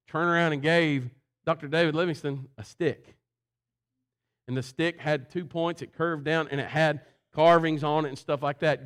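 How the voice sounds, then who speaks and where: A male preacher who tells a story as he preaches. He calls out to congregants by name between lines. His delivery rises and falls with the tale. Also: medium pitch. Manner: animated, addresses congregants by name. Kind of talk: sermon with storytelling.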